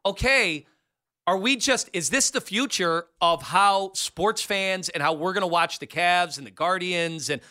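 A man's voice: sits high, unhurried, sharp tone. A man co-hosting a sports radio show, arguing insistently and talking over his partner in a heated debate.

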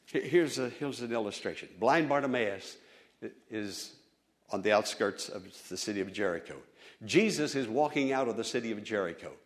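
A male pastor preaching a sermon, building to loud, fervent appeals to the congregation. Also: on the low side, expressive, normal speed.

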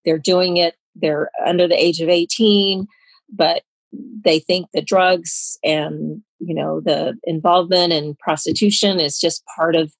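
A woman's voice: on the low side, fairly even intonation, measured pace, dry recording, poor audio. Earnest woman explaining, dry sound. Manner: earnest, explanatory, checks for understanding. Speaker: anti-trafficking expert guest. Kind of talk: informative interview answers.

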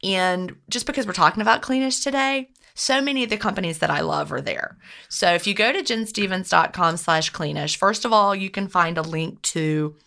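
Chatty woman with a gravelly voice. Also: medium pitch, moderate pace. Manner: warm, chatty, lots of restarts. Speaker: podcast co-host. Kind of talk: casual podcast chat.

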